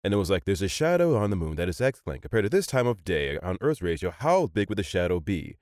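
A man in his thirties, a voice actor, telling stories in a casual chat, animated and laughing often. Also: sits low, fast talker, dry recording, clean studio sound. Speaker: voice actor guest.

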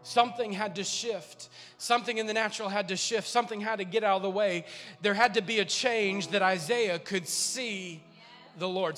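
A man pastor preaching a sermon, impassioned and repetitive, building up to shouting. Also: high-pitched. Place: large church sanctuary. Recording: long church reverb, faint music.

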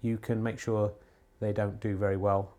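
A man hosting a podcast, doing mock snooker commentary at home in a deadpan ironic way, rambling with many filler pauses. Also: lowish voice. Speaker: podcast host. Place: home TV room.

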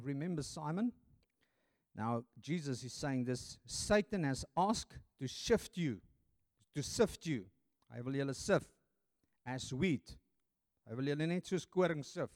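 A man's voice: a little high, a little mellow, dry recording. A man preaching a sermon, reading scripture aloud with dramatic emphasis.

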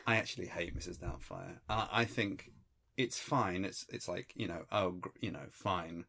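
A man co-hosting a comedy podcast, delivering rambling, mock-serious musings in a deadpan way. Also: low voice, moderate pace, vocal fry. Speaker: podcast co-host. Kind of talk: improvised comedy podcast banter.

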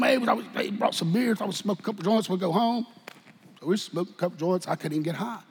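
High-voiced husky preacher in a reverberant church. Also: male voice, fast. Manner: swings from shouted bursts to hushed, quiet talk; folksy, storytelling delivery. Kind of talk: sermon with personal testimony. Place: church sanctuary.

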